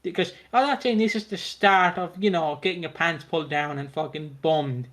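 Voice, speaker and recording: A man's voice: a little high, moderate pace, fairly bright tone. Chatty man recapping a soap. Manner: chatty, laughing, swearing, acts out characters' lines. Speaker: podcast co-host recapping a soap opera. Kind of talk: casual chat.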